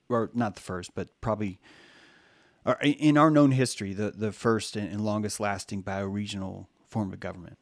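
A man's voice: fairly low pitch, no echo. A man giving a loose, rambling spoken lecture, swearing freely and acting out the voices he quotes.

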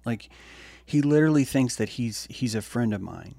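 Gravelly, blunt preachy man. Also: mid-range voice, lively intonation, normal speed, no room sound. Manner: blunt, profane and preachy, swings from loud to hushed. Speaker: streamer. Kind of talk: impassioned monologue.

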